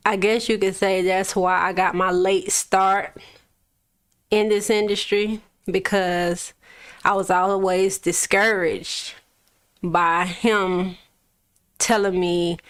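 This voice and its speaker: In a clean, medium-pitched voice, a young adult woman from Florida who makes records talks through her story in an easygoing interview. She laughs a lot and swears freely.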